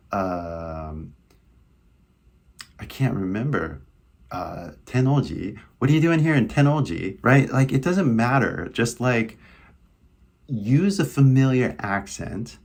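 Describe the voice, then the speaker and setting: A man's voice: fairly low pitch, creaky, a little mellow, slightly rough. A young man with a Californian American accent, giving a casual English lesson and talking in a chatty, loose way full of "like" and "right?". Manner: chatty, filler-heavy, lots of "right?" and "like". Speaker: English teacher.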